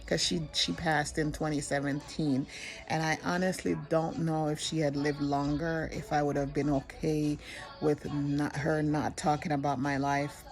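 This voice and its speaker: An older woman telling a personal story in an earnest, halting way, often restarting her sentences. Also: low-pitched, flat delivery.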